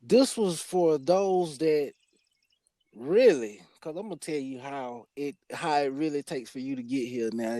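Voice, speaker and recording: Man, talk show host, emphatic preaching delivery, mid-pitched voice, dry close sound. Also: warm tone, no echo. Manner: emphatic, preaching, restarts his sentences. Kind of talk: spiritual discussion.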